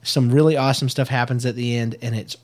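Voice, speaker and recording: A woman co-hosting a casual show with her child, chatty and halting, with frequent fillers, restarts and laughs. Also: rumbling low, steady tone, a little mellow. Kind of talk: casual chat reviewing a cartoon.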